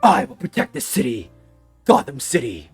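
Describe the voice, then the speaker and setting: A man voicing a gruff, brooding male superhero vigilante in a hammy parody. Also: mid-range voice, sing-song, normal speed, music in the background. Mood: grim. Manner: growled, hammy, yelling in panic.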